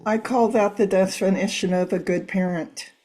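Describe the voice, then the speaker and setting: A woman's voice: medium pitch, fairly even intonation, moderate pace, dark tone. A middle-aged woman hosting an interview, reading an introduction and asking prepared questions. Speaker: host.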